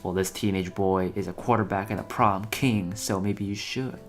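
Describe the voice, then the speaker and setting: A cocky young former jock, sure of himself, read by a man in his own low voice. Soft guitar music runs under the reading. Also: steady tone, moderate pace, natural voice. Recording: faint guitar music behind.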